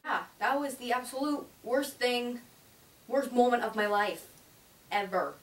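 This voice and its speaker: A woman's voice: a little high, unhurried. Gushing teen girl, echoey and distant. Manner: gushing, chatty, lots of "like". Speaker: vlogger. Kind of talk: casual movie review. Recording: roomy, distant mic, faint hiss.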